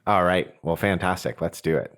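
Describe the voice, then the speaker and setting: A man with an extremely deep voice hosts a podcast conversation. He talks earnestly and reflectively, working his ideas out aloud with small restarts as he goes. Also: animated, moderate pace, fairly bright tone. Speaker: podcast host.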